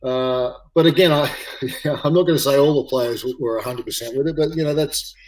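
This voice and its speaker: A middle-aged Australian man telling a story in an interview, halting and full of fillers and repeated words. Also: medium pitch. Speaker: interview guest, former rugby league player. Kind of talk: casual chat, storytelling. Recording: roomy, distant mic.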